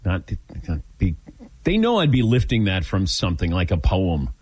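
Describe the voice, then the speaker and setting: A middle-aged man hosting a sports radio talk show, lively and joking. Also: low-pitched, normal speed, husky, dry recording.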